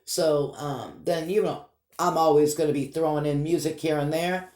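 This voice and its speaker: A man's voice: on the high side, moderate pace, darkish tone. A man with a Boston accent, chatting casually and rambling upbeat to his vlog viewers. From Massachusetts. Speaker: vlog host. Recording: echoey room.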